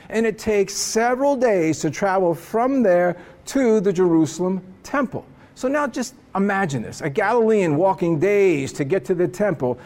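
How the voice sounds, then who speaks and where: A man preaching a sermon as pastor, earnest and emphatic, slowing down for dramatic pauses. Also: sits high, a little mellow.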